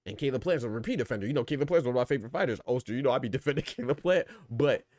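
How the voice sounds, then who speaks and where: A man's voice: medium pitch, expressive, racing, darkish tone, no echo, studio quality. A man hosting a boxing podcast, talking casually and with energy, asking rhetorical questions and reading out chat comments. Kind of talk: casual live-stream commentary.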